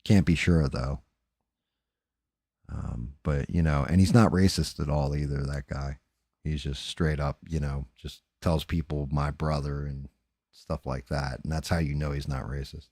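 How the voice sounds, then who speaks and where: A man with a New Jersey accent, hosting a casual live stream while painting, talking fast, rambling and swearing. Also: rumbling low, steady tone, dark tone, husky, no room sound. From New Jersey, USA.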